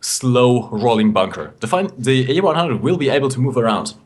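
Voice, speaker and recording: A man co-commentating a live esports tournament, giving animated play-by-play and analysis. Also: medium pitch, moderate pace, breathy edge.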